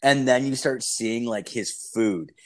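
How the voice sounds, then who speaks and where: A man's voice: medium pitch, unhurried. A man, swearing constantly as he tells rambling stories in a casual chat. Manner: profane, animated storytelling.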